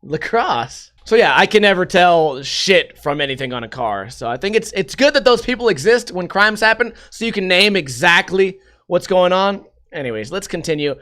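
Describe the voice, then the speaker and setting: Young dude podcasting, high voice, cussing and rambling, acting out bits. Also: male voice, a bit bright. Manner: profane, rambling, acts out voices. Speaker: podcast host. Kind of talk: casual comedic commentary.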